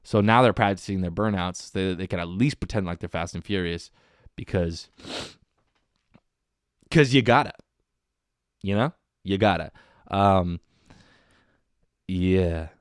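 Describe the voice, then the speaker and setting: A man's voice: low voice, steady tone, normal speed, long pauses, clear, resonant tone, no echo, clean studio sound. A man hosting a casual solo comedy podcast, rambling and meandering, with lots of "dude" and "man.". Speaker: podcast host.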